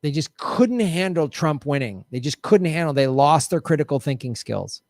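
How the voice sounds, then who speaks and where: A man hosting a casual livestream, answering viewer questions with animated commentary and mocking voices. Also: on the high side, moderate pace, dry recording. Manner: animated, jumps between mocking voices and mutters.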